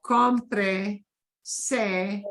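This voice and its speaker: A woman's voice: mid-range voice, fairly even intonation, extremely slow, a bit bright. A woman teaching a beginners' Spanish class, patiently repeating phrases for her students to echo.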